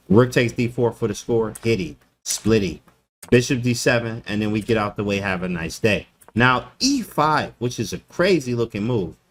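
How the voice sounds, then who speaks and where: A man streaming live chess commentary, animated and joking, who talks in casual slang and laughs often. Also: on the low side.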